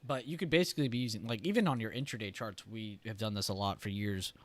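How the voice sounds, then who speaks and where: Chatty man clearing his throat. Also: on the low side, fast, a bit bright. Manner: loose and chatty, heavy on "like" and "right?". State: throat irritated, choking up. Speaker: trading stream host. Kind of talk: casual livestream explanation.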